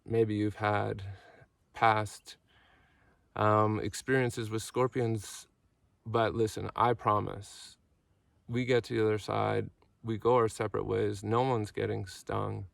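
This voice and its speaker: Scorpion, insistent smooth talker, gravelly and slow, as a storyteller puts him on. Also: male voice, on the low side, flat delivery, no echo, far from the mic, exaggerated voice. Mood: coaxing. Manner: coaxing, insistent. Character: smooth-talking pleading scorpion.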